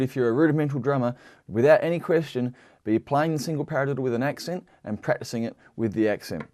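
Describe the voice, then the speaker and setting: A man's voice: medium pitch, darkish tone. A man giving a patient, explanatory drum lesson, counting out sticking patterns and often checking in with the listener. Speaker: drum teacher. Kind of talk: instructional lesson.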